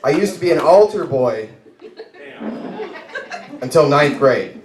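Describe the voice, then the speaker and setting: A man's voice: a little high, expressive, slow, noisy background. A man in his thirties doing a stand-up comedy set, rambling and laughing at his own jokes. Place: bar stage, live open mic. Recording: roomy bar with echo.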